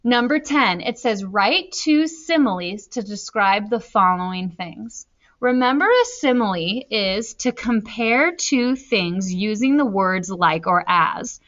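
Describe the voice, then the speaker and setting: A woman teacher talking slowly and deliberately through a recorded reading lesson, spelling out her answers as she writes them. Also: medium pitch, lively intonation, a bit bright. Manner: slow, deliberate, spelling out answers while writing. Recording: slightly dull lo-fi recording.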